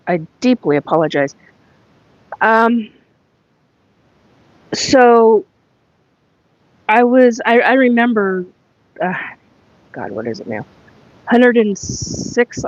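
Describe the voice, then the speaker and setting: A woman hosting a casual spiritual livestream, talking in a halting, rambling way with many fillers and asides to viewers, her voice a little cracked. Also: dry recording. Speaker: livestream host. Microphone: earphone mic plugged in. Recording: dull lo-fi livestream audio with faint rumble.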